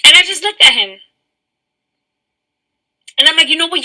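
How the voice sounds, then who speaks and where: A woman's voice: high voice, lively intonation, moderate pace, gravelly, long pauses, pushed and bright, rough recording. A married woman ranting bluntly and profanely about herself and her husband, mocking her own habits. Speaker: wife telling a story. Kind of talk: casual rant to camera.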